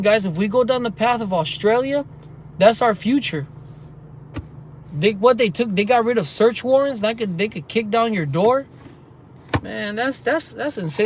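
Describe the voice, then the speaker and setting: Heated male night-walk vlogger, high-pitched, phone mic, faint traffic behind. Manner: heated, ranting, reads viewer comments aloud. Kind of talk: rambling walking vlog. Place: outdoors at night, walking near traffic.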